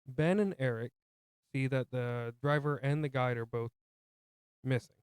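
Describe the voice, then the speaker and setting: A man's voice: mid-range voice, fairly even intonation, a little slow, clear, resonant tone, dry recording, studio quality. A man co-hosting a movie podcast, casually retelling the plot with jokey asides. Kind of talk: casual film recap chat.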